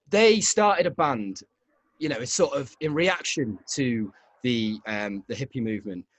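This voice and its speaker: A man's voice: mid-range voice, dry recording. Man telling a rambling story. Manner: rambling, laughing. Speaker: podcast host. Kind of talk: casual storytelling chat.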